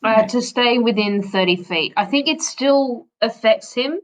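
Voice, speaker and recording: A woman's voice: a little high, lively intonation, measured pace, poor audio. A woman player in an online tabletop game, hesitantly thinking aloud about her character's choices. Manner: thinking aloud, hesitant, swears when frustrated.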